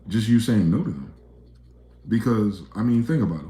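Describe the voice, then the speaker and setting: Deep-voiced man ranting in an echoey room. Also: lively intonation, normal speed. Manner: blunt, profane, emphatic, swings between loud outbursts and low asides. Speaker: video commentator. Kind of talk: profane ranting monologue.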